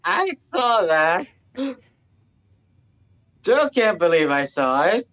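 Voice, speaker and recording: Dry-witted player, mid-pitched, muffled lo-fi sound. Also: big pitch swings, takes it slowly, a bit bright. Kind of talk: casual tabletop play. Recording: muffled lo-fi mic.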